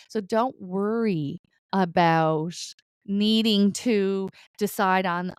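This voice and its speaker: A woman's voice: medium pitch, smooth, no echo. Woman, psychic medium, reassuring, chatty, checks in often, dry close sound. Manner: reassuring, chatty, repeats "okay?" and "right?"; laughs lightly between points. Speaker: psychic medium giving weekly guidance. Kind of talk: casual spiritual guidance talk to viewers.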